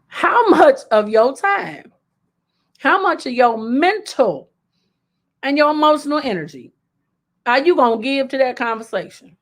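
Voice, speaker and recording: A woman's voice: a little high, lively intonation, unhurried. A woman hosting a live self-help talk, speaking emphatically and repeating key points for emphasis. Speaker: host.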